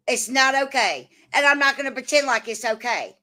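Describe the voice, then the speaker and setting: A woman's voice: sits high, expressive, brisk, bright, forceful tone. A woman hosting a casual livestream, swearing often and arguing back at her chat. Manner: profane, combative, answers chat. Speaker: livestream host.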